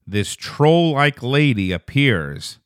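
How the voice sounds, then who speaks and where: A man hosting a casual solo podcast, telling a rambling, profane story that turns loud and quick when he gets indignant. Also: medium pitch, sing-song, clear, resonant tone, dry recording, clean studio sound. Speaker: podcast host.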